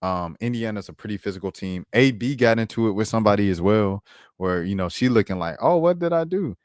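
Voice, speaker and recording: On the low side and fairly even in intonation, this man's voice moves at a quick pace, recorded dry at studio quality. He hosts a laid-back basketball commentary stream, leaning on slang like "bro" and "dog" and pulling up clips while he talks.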